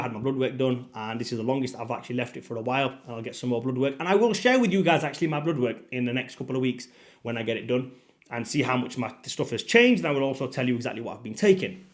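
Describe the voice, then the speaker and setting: A man in his thirties talking straight to his viewers as a fitness coach, emphatic and pushy, repeating his points. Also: medium pitch. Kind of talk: direct-to-camera motivational talk.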